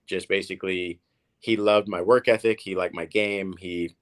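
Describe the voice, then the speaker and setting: A man in his thirties with a deep, low voice, guesting in a relaxed interview. He is from Oklahoma and tells his stories in a rambling way, full of fillers and restarted words. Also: moderate pace. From Oklahoma, USA. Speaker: guest, professional tennis player. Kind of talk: casual storytelling interview.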